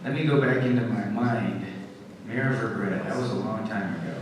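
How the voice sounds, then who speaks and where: A man's voice: on the low side, background noise. A man, a guest actor on a convention panel, answering fan questions with lots of fillers and restarts. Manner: halting, many fillers. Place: large convention hall. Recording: echoey hall from far off.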